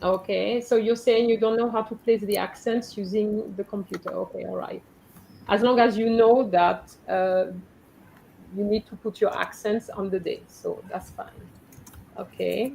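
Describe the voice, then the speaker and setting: A woman's voice: medium pitch, steady tone, unhurried, creaky, mellow, slight background noise, poor audio. A woman teaching French in a live online class, patiently going through her students' letters and correcting them one by one over a video call.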